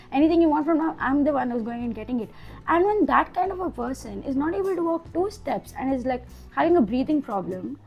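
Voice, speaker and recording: A young woman with an Indian English accent, candidly recounting a hard time in a personal vlog, her voice a bit nasal. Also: fairly high pitch. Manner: candid, emotional, restarts often. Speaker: vlogger.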